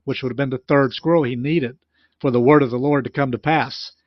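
A man's voice: mid-range voice, fairly even intonation, fairly quick, dry recording, dull audio. A man who explains and retells a preacher's story in plain talk, with frequent restarts. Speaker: commentator on a recorded sermon. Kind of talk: explanatory commentary.

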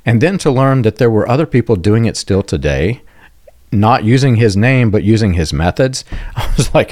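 A man's voice: on the low side, lively intonation, moderate pace, a little mellow, no room sound, studio quality. A man hosting a conversational interview, speaking earnestly and with emphatic conviction.

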